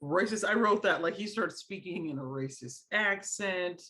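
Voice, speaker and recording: A woman's voice: fairly low pitch, lively intonation, moderate pace, bright, forceful tone. A woman guest co-hosting a podcast, chatting casually and chiming in with agreement. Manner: laid-back, chiming in with agreement. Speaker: guest co-host. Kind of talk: casual podcast chat recapping a soap opera.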